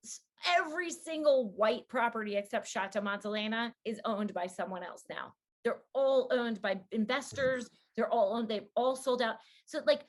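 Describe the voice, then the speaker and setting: A woman hosting a wine conversation, chatty and quick to act out what people said. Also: fairly high pitch. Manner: chatty, quoting people in lively asides. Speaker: wine podcast host. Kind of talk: casual chat.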